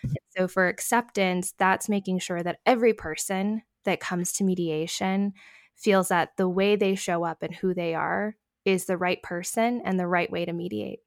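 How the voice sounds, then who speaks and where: A woman's voice: fairly low pitch, fairly even intonation, moderate pace, no room sound, clean studio sound. A woman mediator talking as a podcast guest, earnest and emphatic, laughing now and then. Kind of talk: conversational interview.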